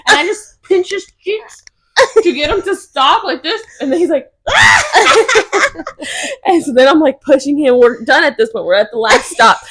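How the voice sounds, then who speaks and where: A woman's voice: high voice, fairly quick. A young woman co-hosting a podcast, telling a story in casual chat and laughing often as she talks. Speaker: podcast co-host.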